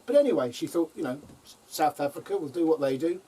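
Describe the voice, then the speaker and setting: Recorded from afar with faint outdoor sounds and slight background noise, this allotment vlogger speaks at a normal pace in a fairly high, slightly mellow voice. The older man casually shares amusing anecdotes to camera, peppered with ums and chuckles.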